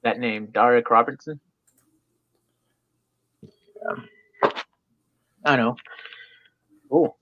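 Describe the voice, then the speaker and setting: A man's voice: on the high side, no echo, highs cut off. A young man co-hosting a live stream in a casual, laid-back chat, full of fillers and easy laughs.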